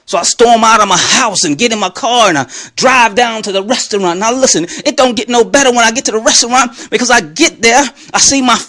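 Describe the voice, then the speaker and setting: High-pitched, bright-voiced man telling a story. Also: no echo. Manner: emphatic, talks straight to listeners. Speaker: Christian speaker. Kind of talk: animated testimony storytelling.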